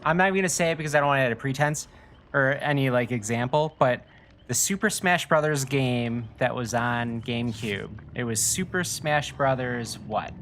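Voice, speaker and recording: A man's voice: medium pitch, moderate pace, fairly bright tone. A young man with a Wisconsin accent chatting and laughing while streaming a game. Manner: rambling, laughs often. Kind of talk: casual chat while playing a game. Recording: noisy home mic.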